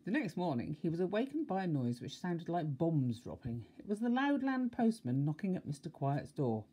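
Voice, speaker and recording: Older woman, bedtime story reading, husky, very lively pitch. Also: moderate pace. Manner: expressive, with asides to the child. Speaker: grandmother reading aloud.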